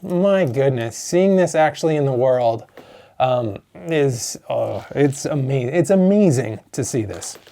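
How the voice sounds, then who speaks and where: A man, a board game designer chatting excitedly through an unboxing of his own game, openly emotional. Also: medium pitch, unhurried. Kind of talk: unboxing vlog.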